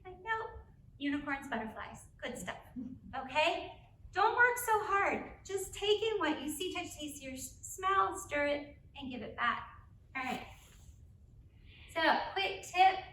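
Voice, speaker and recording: A woman with a high, bright voice speaks energetically to a live audience about parenting, often checking in with "right?". The sound is roomy and a little distant, with faint room noise behind her. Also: animated, a little slow. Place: school auditorium. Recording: echoey room, mic from a distance.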